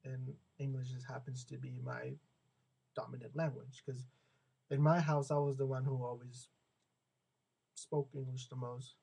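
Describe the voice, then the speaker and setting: A man's voice: medium pitch, lively intonation, unhurried, vocal fry, long pauses, dark tone, husky, low-quality recording. A young American man venting in a casual, rambling monologue. He often repeats and restarts his words and acts out the people he quotes. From United States. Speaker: vlogger.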